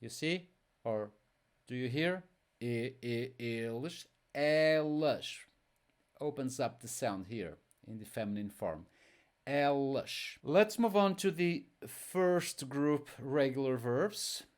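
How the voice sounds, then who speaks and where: A man's voice: mid-range voice, animated. A man teaching an online language lesson, patient and repetitive, drilling each word aloud. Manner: slow, patient, repeats words for drill.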